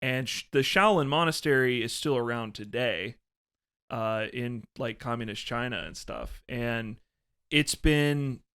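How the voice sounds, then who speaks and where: A young man talks through history in a relaxed, rambling podcast chat, laughing along with his friends. His voice is smooth and clear, sitting at an ordinary pitch for a man. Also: measured pace. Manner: relaxed, laughs often, explains at length. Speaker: podcast co-host.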